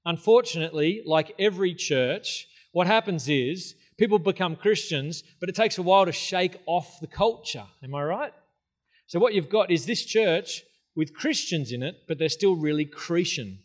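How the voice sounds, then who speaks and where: A man preaching in a church with a slightly higher voice than most men. He keeps it casual and conversational, dropping in jokes and asides as he teaches. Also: expressive, moderate pace. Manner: casual, joking, conversational preaching with filler words. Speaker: pastor. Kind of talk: sermon. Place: church hall.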